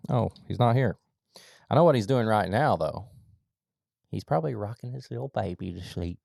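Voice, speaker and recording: A man co-hosting a podcast in casual chat, rambling with lots of fillers and sudden animated bursts. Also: mid-range voice, gravelly, no echo, studio quality. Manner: rambling, filler-heavy, jumps to animated outbursts. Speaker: podcast co-host.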